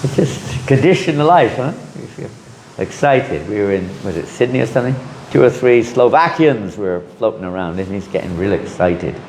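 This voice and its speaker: Lively, gravelly man giving a scripture talk. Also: on the low side, moderate pace, roomy sound, noisy background. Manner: lively, acts out quoted voices. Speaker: spiritual teacher.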